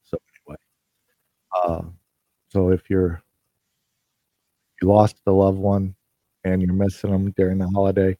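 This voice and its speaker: A man hosting his podcast, speaking haltingly with many fillers and restarts, emotional as he sends a holiday message to listeners. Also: sits low, completely flat delivery, no echo, lo-fi sound. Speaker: podcast host.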